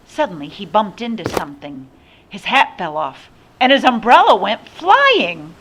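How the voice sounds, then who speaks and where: An older woman reading a picture book aloud with slow, expressive storytelling. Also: mid-range voice, noisy background. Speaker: storybook reader.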